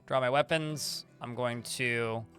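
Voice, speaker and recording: A man's voice: medium pitch, steady tone, slow pace, fairly bright tone, faint music behind. A man streaming a video game, reading the combat log aloud with many fillers and restarts while chatting with viewers. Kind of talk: livestream gameplay commentary.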